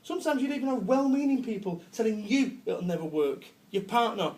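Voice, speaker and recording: A man's voice: sits high, fairly quick, a little mellow. A man with a Manchester accent, from Salford, giving a brash, jokey business talk to a live audience, swearing and laughing as he goes. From Salford, England. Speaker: business speaker. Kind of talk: comic motivational talk.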